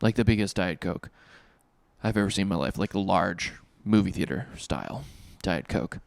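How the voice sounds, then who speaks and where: Guy hosting his podcast, low-ish voice, super upbeat and jokey, casual review chat. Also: expressive, normal speed, vocal fry, dry recording. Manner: chatty and enthusiastic, joking asides. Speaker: podcast host. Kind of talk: casual solo review talk.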